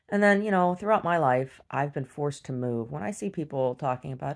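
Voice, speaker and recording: Blunt, profane woman with a low voice, venting in a home video diary. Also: fairly quick, vocal fry, few pauses. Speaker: video diarist. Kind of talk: casual video diary rant. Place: rural property at home.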